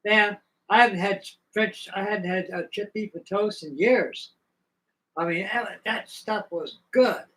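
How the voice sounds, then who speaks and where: An older man tells stories in a loose, meandering way, full of folksy asides. His voice sits a touch higher than most men's. He is from the American South and is in no hurry. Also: a bit bright, rough recording. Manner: folksy, rambling, drawn-out reminiscing. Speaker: livestream host. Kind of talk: rambling storytelling chat.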